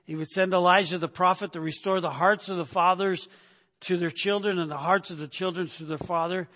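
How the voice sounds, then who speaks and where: A man's voice: high voice, steady tone, fairly quick, sharp tone, in a large hall. A man teaching a sermon in a conversational way, often stopping to ask "right?" and repeating words as he goes. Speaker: preacher.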